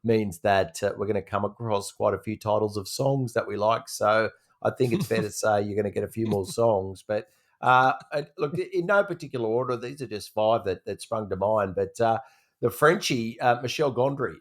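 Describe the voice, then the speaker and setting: Low-voiced man presenting. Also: normal speed. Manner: relaxed, rambling with fillers. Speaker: podcast co-host presenting a segment. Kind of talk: casual podcast segment.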